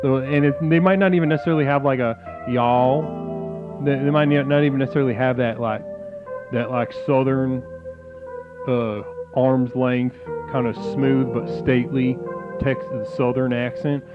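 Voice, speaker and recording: A man's voice: mid-range voice, flat delivery, normal speed. A man hosting an improvised comedy call-in stream, rambling and swearing, often restarting his sentences. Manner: rambling, profane, full of restarts. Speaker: call-in show host. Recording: tinny phone-like sound with music behind.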